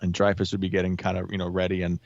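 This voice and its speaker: A man's voice: deep voice, completely flat delivery, racing, vocal fry, darkish tone, no echo, lo-fi sound. A man talking as a podcast guest in a casual chat, rambling with many restarts and fillers.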